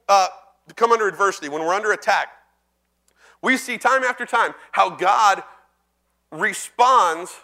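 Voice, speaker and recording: Man preaching in church, high and bright tone, chatty delivery, slows for scripture readings. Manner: conversational, asks the congregation questions; reads scripture slowly and deliberately. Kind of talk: sermon.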